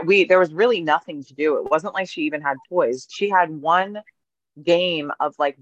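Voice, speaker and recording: A woman with a lowish voice co-hosts a podcast, telling stories in a casual, chatty, playful way full of fillers. The recording has no echo and a lo-fi sound.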